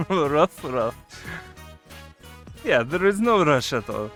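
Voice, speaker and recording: A man chats on a live stream in a slightly high put-on character voice. He laughs a lot, swears freely and keeps things loose. Faint game music plays behind him. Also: big pitch swings, unhurried, a bit bright. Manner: talks in a put-on character voice he uses for his persona. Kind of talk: casual live-stream chat.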